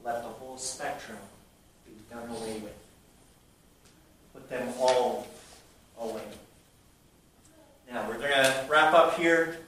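Echoey bright-voiced male preacher. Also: medium pitch, takes it slowly, long pauses, slight background noise. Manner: animated preaching, drops to a hush then bursts loud. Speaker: pastor. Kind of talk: sermon. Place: church hall with an audience. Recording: very echoey hall, mic at a distance.

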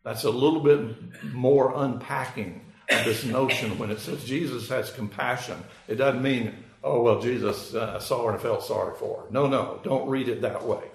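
A male preacher delivering a sermon, taking his time to explain and leaning on small fillers as he thinks aloud. His voice has a gravelly fry at a middle pitch. The sound carries the echo of a church sanctuary. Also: fairly even intonation. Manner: explanatory, unhurried, with frequent fillers. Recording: echoey room.

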